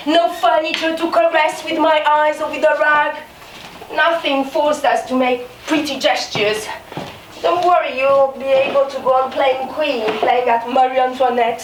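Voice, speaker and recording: Actress doing a bitter mocking maid, high voice, roomy echo from far off in a small theatre. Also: female voice. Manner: sarcastic, mocking, swings into outbursts. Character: bitter, resentful young maid, scornful and fierce. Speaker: stage actor. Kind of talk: live stage drama. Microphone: distant room mic. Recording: echoey theatre from far off, faint noise.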